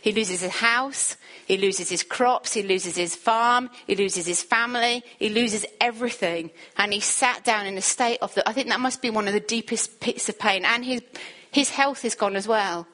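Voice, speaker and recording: An earnest woman delivers a sermon at a middle pitch. Her lists climb higher as they build, and she sinks to a gentle, hushed tone when she quotes. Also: moderate pace. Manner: earnest, builds to rising lists, drops soft for quoted words. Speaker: preacher.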